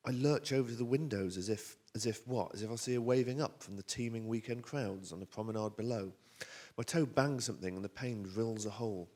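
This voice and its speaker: Wry southern English man reading aloud. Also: lowish voice. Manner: lively, wry, animated storytelling with asides. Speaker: novelist reading his own work. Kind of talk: expressive reading of a novel excerpt. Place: theater stage at a bookstore event.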